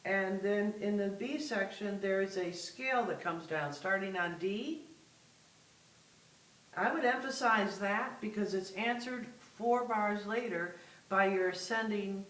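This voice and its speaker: A woman's voice: medium pitch, unhurried, a bit bright, reverberant, far from the mic, low-quality recording. A woman music teacher coaching a student in a masterclass, patient and giving step-by-step instructions over a video call.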